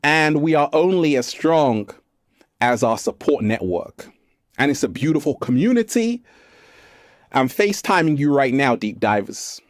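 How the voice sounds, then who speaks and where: Animated man drawling slow in a dry room. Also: a little high, no echo. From England. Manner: animated, playful, slow drawn-out phrases, fond addresses to viewers. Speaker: vlogger and self-help speaker. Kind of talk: casual spiritual talk to camera. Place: art gallery.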